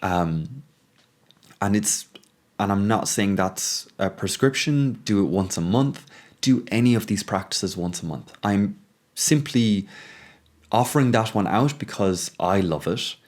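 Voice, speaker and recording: A man hosting a reflective monologue, thinking aloud with frequent pauses and restarts, growing urgent as he goes. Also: on the low side, lively intonation. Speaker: podcast host.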